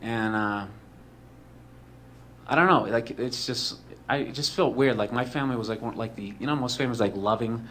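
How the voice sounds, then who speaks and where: A man's voice: mid-range voice, moderate pace, fairly bright tone, a little hiss or hum. A man telling a comedic personal story in a rambling, profane way, full of "like" and "you know".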